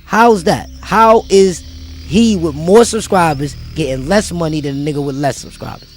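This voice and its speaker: A man's voice: on the high side, moderate pace, faint music behind. A man vlogging, delivering an emphatic, preachy motivational rant full of street slang and repeated phrases.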